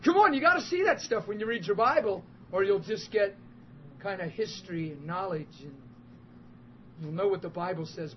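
High-pitched guy preaching a sermon, fired up storytelling, laughs a lot, dull muffled sound. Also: moderate pace. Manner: emphatic and animated, building to loud outbursts. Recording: muffled with faint background hiss.

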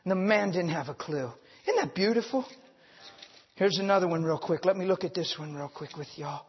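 A man preaches, folksy and quick, laughing as he acts out the stories. His voice sits high and a bit husky. The recording is dull and carries the long echo of a large hall. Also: animated. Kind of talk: sermon. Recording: muffled, echoing hall.

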